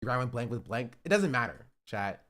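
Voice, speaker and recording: A man's voice: mid-range voice, brisk. A man casually commenting on a live stream, chatty and laughing often. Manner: chatty, laughs often, breaks into excited shouts. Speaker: streamer reacting to rap clips.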